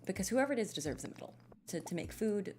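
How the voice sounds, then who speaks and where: A woman's voice: medium pitch, big pitch swings, quick pace, a little mellow, a little hiss or hum. Giggly woman rambling over a game. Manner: giggly, rambling, self-deprecating. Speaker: gaming streamer. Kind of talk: casual gameplay commentary.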